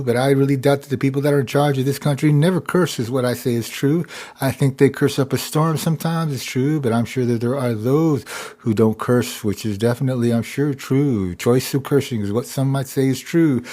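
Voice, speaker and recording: A man's voice: medium pitch, brisk, dark tone. A man hosting a live stream, talking in a rambling, repetitive monologue that keeps circling back to "it's true.". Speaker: livestream host.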